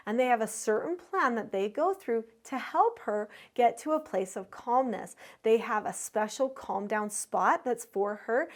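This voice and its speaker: A middle-aged woman, a parenting educator, giving clear, explanatory teaching to parents and telling stories to make her points. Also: on the high side. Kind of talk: instructional talk to parents.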